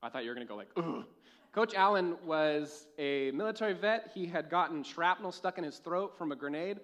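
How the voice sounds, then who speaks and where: A young man preaching a sermon in a church, telling a lively personal story and laughing at his own jokes. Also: a little high, brisk. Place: church with a live audience.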